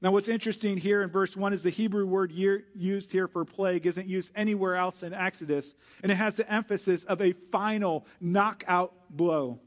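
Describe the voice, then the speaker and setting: A male pastor preaching a sermon in an earnest way, slowing down for emphatic repeated phrases. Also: high-pitched, fairly even intonation. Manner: earnest, with slow emphatic repetition.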